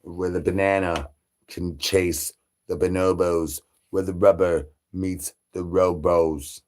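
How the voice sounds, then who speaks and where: A man's voice: deep voice, steady tone, slow pace, a little mellow. Man rambling absurd rhyming nonsense. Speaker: comedy channel creator. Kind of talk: absurd rambling comedy bits.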